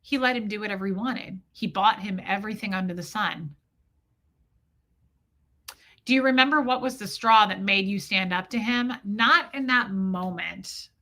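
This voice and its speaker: Bright-voiced woman hosting a live stream. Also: mid-range voice, moderate pace, hardly any pauses. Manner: candid, emotional, swears freely, frequent restarts. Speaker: livestream host. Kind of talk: casual live-stream talk, reading chat.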